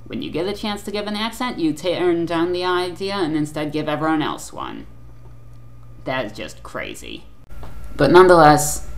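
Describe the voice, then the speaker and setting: Brief: low-pitched woman, lively sarcastic reviewer ranting over soft music. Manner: ranting, sarcastic, with frequent fillers. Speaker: anime dub reviewer. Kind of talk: opinionated review commentary.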